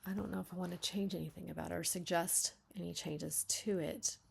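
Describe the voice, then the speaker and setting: Gravelly-voiced woman thinking aloud. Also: fairly low pitch, brisk, slight background noise. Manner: thinks aloud, chatty and self-interrupting; reacts with loud, lively asides. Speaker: beta reader. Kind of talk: reading a manuscript aloud and critiquing it.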